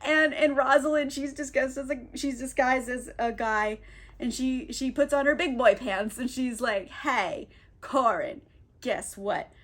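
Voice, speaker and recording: A woman's voice: high-pitched, steady tone, moderate pace. A young woman recapping a play in a casual, comedic way, rambling in slang and giggling often. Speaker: book youtuber.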